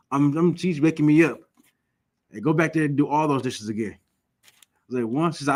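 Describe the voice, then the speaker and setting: A man teaching a religious class, emphatic and repetitive, often asking the listeners questions and telling lively stories. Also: a little high, brisk, long pauses. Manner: lively storytelling.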